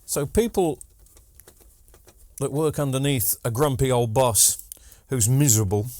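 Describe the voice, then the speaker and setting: A man's voice: medium pitch, darkish tone, dry recording. Guy chatting through a tv fix, lots of ums and side jokes, dry close mic. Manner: rambling, joking asides, many ums and restarts. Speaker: TV repair vlogger. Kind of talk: casual chatty workshop vlog.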